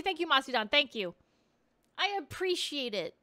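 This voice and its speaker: A woman streaming a game and chatting casually with viewers, bubbly and quick to thank them, rambling along with lots of "like" in her speech. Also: high voice, big pitch swings, sharp tone, no echo, clean studio sound. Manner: rambling, filler-heavy speech full of "like". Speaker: VTuber streamer playing a game. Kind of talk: casual gameplay chat with viewers.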